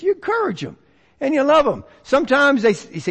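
Middle-aged male revival preacher, high and very animated, earnest, church reverb. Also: fairly quick, husky. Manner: swings from loud urgent exhortation to hushed earnest tones. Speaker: visiting preacher. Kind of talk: revival sermon. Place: church sanctuary. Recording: long reverb of a church hall.

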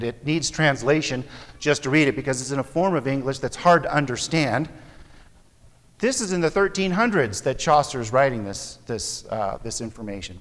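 American man, Bible teacher, earnest and rambling, slightly high voice, long hall reverb. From United States. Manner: earnest, discursive, self-correcting. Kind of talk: Bible class lecture.

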